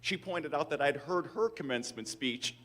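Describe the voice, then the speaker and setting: A man's voice: on the high side, expressive, moderate pace, a bit bright. An older man in his sixties giving a commencement address with wry, self-deprecating storytelling. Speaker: commencement speaker. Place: large auditorium. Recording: hall reverb from a PA.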